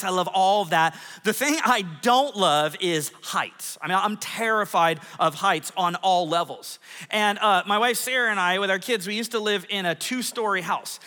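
Pastor, forties, high voice, playful storytelling sermon in a big hall. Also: male voice. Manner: lively, self-mocking storytelling with audience polls. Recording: long hall reverb.

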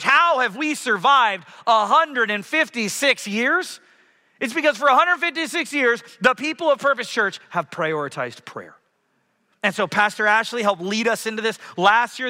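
A man delivers an animated sermon from a church stage. His voice sits high and very bright, ringing out with a long hall reverb around it. He swings from loud passages down to hushed ones. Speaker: pastor. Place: church sanctuary.

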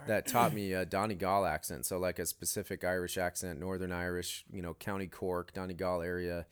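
A man's voice: low-pitched, little pitch movement, fairly quick, clean tone. A man co-hosting a church podcast, telling stories with enthusiasm in casual chat. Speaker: podcast co-host.

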